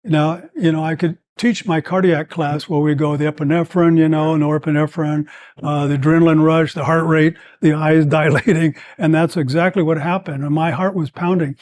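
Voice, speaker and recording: An older man in his seventies tells long stories as a podcast guest. He rambles with plenty of fillers but stays animated, in a voice that sits a bit high for a man. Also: moderate pace. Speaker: guest, former combat medic. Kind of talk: storytelling in a podcast interview.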